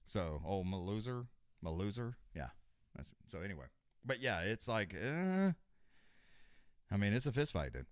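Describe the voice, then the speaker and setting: A man's voice: fairly low pitch, big pitch swings, measured pace, long pauses, clear, resonant tone, no room sound, studio quality. An older man hosting a live stream, chatting casually in a rambling, profane way with lots of restarts. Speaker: host of a live fight companion stream.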